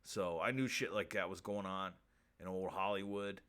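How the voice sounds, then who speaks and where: A man hosting a crude comedy stream show, reading odd facts and pleading with viewers in a deadpan way. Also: low voice, normal speed. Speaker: host.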